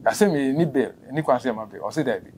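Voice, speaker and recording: A Ghanaian man at a middle pitch, retelling events in an interview. He speeds up and grows animated as he goes on. A faint hiss of background noise sits under his voice. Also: brisk. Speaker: interview guest. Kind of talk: emotional interview.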